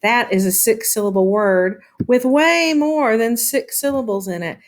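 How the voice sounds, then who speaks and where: A woman teaching a lesson, explaining patiently and sounding words out slowly, with frequent "um" fillers. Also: fairly high pitch, lively intonation. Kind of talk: classroom lesson on syllables.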